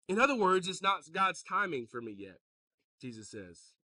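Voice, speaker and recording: A pastor preaching a sermon, joking with the congregation and calling out to them. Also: male voice, sits high, normal speed, no room sound, recorded from a distance. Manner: joking, animated, calls out to the congregation.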